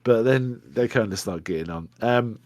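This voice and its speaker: A man's voice: lowish voice, normal speed, dry recording. A man in casual podcast chat, walking through a film scene by scene. He talks in loose, rambling bursts and slips into quoted lines. His voice sounds close and dry, with no room around it. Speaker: podcast co-host.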